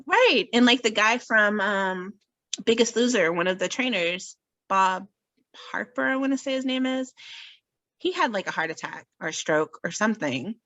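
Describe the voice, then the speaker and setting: A woman's voice: mid-range voice, expressive, moderate pace, fairly bright tone, no echo. A woman in casual podcast chat, talking in a chatty, self-mocking way and laughing often. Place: podcast recording.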